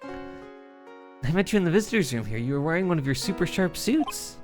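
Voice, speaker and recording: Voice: mid-range voice, lively intonation, moderate pace, darkish tone, close to an everyday voice. A streamer voicing an eager, polite young policewoman with a run of bad luck, who keeps saying "sir", while reading game dialogue aloud on a live stream. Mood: chirpy. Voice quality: chirpy, saying "sir" a lot. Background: game music.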